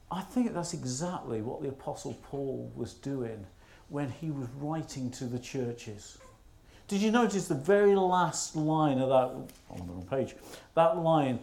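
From the pulpit, a minister tells a self-mocking story in a voice a little higher than most men's and slightly mellow. His sermon echoes through a spacious church.

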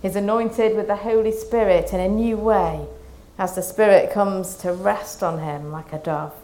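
A woman preaching a Lent sermon, reading scripture and reflecting in a calm, measured way. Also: medium pitch.

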